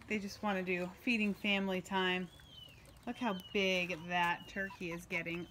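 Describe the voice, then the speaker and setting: A woman's voice: on the low side, little pitch movement, normal speed, a bit bright, slight background noise. A middle-aged mother teasing her kids in casual family chat while filming them outdoors on a farm with a handheld camera. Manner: teasing, playful, laughs often. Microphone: handheld camera she is filming with.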